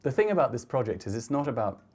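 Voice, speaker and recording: Speaking in a husky, sing-song voice of medium pitch, a middle-aged man gives a reflective talk about his photographs in a lecture hall. He's gentle but halting, restarting often.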